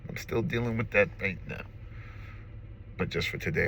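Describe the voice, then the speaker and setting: A man in his forties talks in a fairly low, tense, forceful voice. He is earnest and emotional, close to tears, and he keeps coming back to the same short slogans. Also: normal speed, vocal fry, a little hiss or hum. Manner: earnest and emphatic, repeats slogans. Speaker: recovery vlogger. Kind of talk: personal testimony to camera. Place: car.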